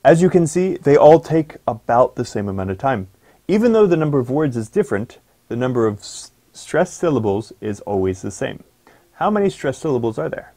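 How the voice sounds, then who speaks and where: A man's voice: medium pitch, very animated, mellow. A man teaching an English pronunciation lesson for exam students, giving instructions and emphatic reminders. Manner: slow deliberate dictation of example sentences.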